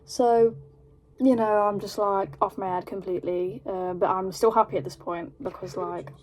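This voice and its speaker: A young British woman telling a story in a casual vlog, rambling and animated, with lots of fillers. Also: medium pitch, normal speed. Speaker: vlogger.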